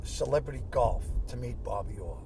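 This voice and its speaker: An older man, a comedian telling excitable stories in a car, full of exclamations and restarts. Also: mid-range voice, moderate pace, vocal fry. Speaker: comedian guest. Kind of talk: storytelling in casual chat. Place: inside a moving car. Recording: car cabin road noise.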